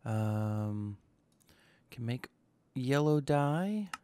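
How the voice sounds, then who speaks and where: A man's voice: mid-range voice, expressive, extremely slow, mellow, smooth. A young man hosting a gaming channel, talking casually to himself as he plays and tossing in jokey asides. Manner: chatty, self-talking, joking asides. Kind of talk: casual gameplay commentary.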